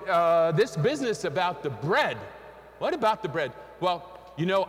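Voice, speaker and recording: Male preacher, pitched a touch high, long church reverb, sings and calls out to the congregation. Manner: sings and leads congregation in call and response. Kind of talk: sermon with sung spiritual. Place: church sanctuary.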